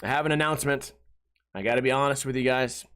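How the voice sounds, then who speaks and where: A man's voice: medium pitch, fairly even intonation, fast talker, fairly bright tone, clean tone. A man hosting a comedy podcast, ranting in a casual, exasperated way and mimicking friends in a raised voice. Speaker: podcast host.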